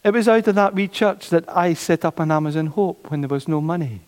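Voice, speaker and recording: A man preaching a sermon, animated, repeating his phrases and acting out the voices of doubters. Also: on the high side, a little fast. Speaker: pastor. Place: church. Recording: long church reverb.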